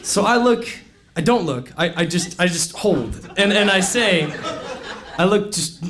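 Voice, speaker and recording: A young man telling a comic story on stage at a live event, animated, laughing often and filling his talk with "like". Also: high-pitched, measured pace. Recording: noisy live event recording.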